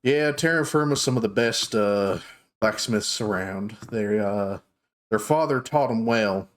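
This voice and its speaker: A man's voice: lowish voice, unhurried, lightly acted. A man voicing a male guild clerk in a tabletop game, in a plain, matter-of-fact manner.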